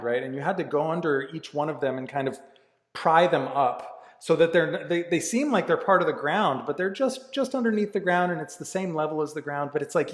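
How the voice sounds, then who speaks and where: Earnest, swearing man in an echoey room. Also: a little high. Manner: candid and earnest, swears freely, many restarts. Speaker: life coach. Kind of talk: casual motivational talk. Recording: echoey room with long reverb.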